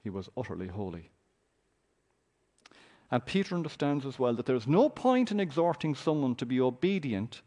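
A man's voice: mid-range voice, a little mellow. A man preaching a sermon, reading scripture aloud with a dramatic, raised voice.

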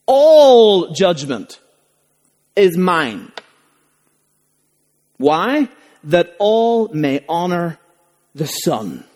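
Animated man preaching. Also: sits high, drawn-out words, pauses often. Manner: animated, emphatic preaching with rhetorical questions. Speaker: pastor. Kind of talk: sermon. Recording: long reverb of a large hall.

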